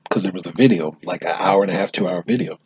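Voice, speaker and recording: A man's voice: low-pitched, fast talker, darkish tone, slightly rough. An American man giving unscripted commentary on social issues, talking emphatically and often restarting and repeating his phrases. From United States.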